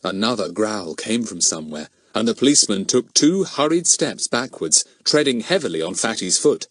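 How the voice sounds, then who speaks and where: A man reads a children's mystery audiobook aloud in an animated storytelling style. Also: on the low side, moderate pace, hardly any pauses, dry recording. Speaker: audiobook narrator. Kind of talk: scripted narration.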